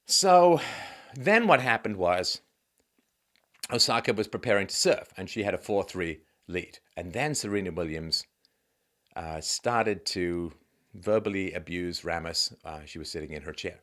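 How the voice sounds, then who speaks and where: A man's voice: low voice, expressive, measured pace, fairly bright tone. A man hosting a monologue commentary show, talking in a sardonic, musing way with asides.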